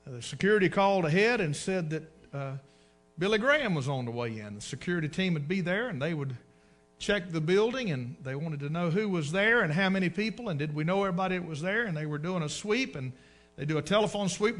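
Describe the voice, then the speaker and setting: A man's voice: high voice, a bit bright. A man preaching a sermon, telling folksy stories, using dialect and dragging out words for emphasis. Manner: folksy storytelling, dialect double negatives.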